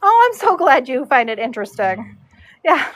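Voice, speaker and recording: In a horse show barn stall, a woman in her forties who braids horses chats casually on a livestream, answering viewer comments and cooing to her dog. Her voice is high with big pitch swings, at a normal speed, and there's no room sound.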